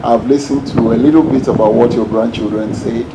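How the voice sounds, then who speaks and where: A man's voice: mid-range voice, fairly even intonation, brisk. An older man gives an earnest, storytelling tribute speech as a guest at a book launch. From Nigeria. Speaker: guest speaker. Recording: background noise.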